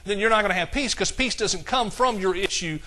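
A man preaching a sermon in a folksy way, slowing down to quote scripture in a measured cadence and chuckling at his own jokes. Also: high voice, sharp tone.

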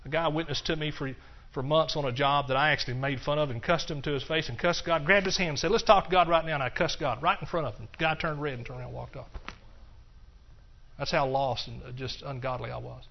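An older man giving a personal testimony sermon, earnest and repetitive, dropping to hushed stretches and rising into passionate bursts. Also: medium pitch, fairly even intonation, fast talker, vocal fry. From Texas. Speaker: preacher. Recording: dull lo-fi recording.

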